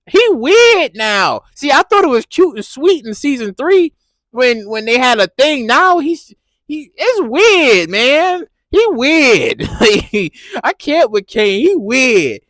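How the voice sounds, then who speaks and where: A man giving a casual, animated recap of a TV episode, laughing and repeating himself as he reacts. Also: extremely high pitch, slow pace, no room sound. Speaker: TV recap vlogger.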